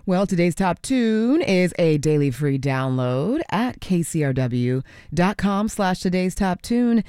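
A woman's voice: on the low side, very animated, unhurried, warm tone, clear, resonant tone, no room sound, clean studio sound. Easygoing woman radio DJ. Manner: easygoing, loose, with fillers and self-corrections. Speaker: radio DJ host. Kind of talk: casual on-air chat and pledge drive appeal. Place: radio studio.

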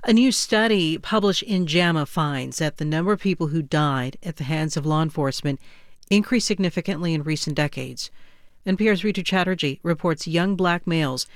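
A woman newscaster reading headlines in a measured, formal way. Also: sits low, no room sound, studio quality. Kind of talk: news reading. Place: dry radio studio.

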